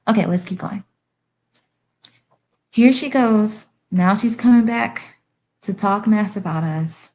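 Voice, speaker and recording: A woman's voice: mid-range voice, takes it slowly, long pauses, a little mellow. A woman from Haiti hosting a live stream. She gives blunt, sassy commentary and fires off rhetorical questions. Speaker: livestream commentator.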